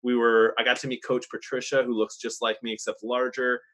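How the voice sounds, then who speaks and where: A man cohosting a faith podcast, telling stories with excitement and frequent laughter. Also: medium pitch, fairly quick. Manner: excited storytelling, laughs often. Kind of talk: casual chat.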